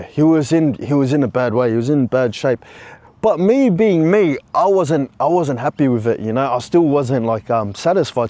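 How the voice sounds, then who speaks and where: A man's voice: mid-range voice, a little mellow, no room sound. A man casually recounting a personal story, with frequent restarts and plenty of "bro" and "you know". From Australia.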